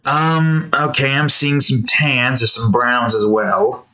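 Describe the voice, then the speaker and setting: A man talking through a drawing session in a loose, casual way. He wanders from tangent to tangent with frequent chuckles and many trailing fillers. His voice sits at an ordinary middle pitch. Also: little pitch movement, slow, pushed and bright. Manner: rambling, laughing, meandering tangents. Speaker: artist and channel host.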